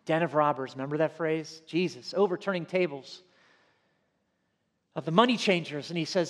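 A male pastor preaching an expository sermon, swinging between loud emphatic lines and soft asides. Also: on the high side, normal speed, pauses often, long reverb tail.

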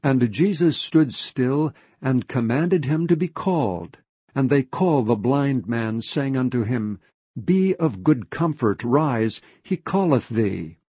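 A man reading a Bible passage aloud in a slow, measured way. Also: mid-range voice, expressive, dark tone, breathy edge, no room sound. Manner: slow, measured reading of King James text. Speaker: scripture reader. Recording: dull, muffled, dry sound.

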